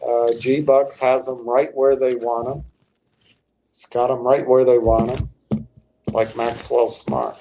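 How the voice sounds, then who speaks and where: An older livestream host rambles through stock-market commentary, halting and restarting as he chats with his viewers. His mid-range voice has a dark tone, with slight background noise behind it.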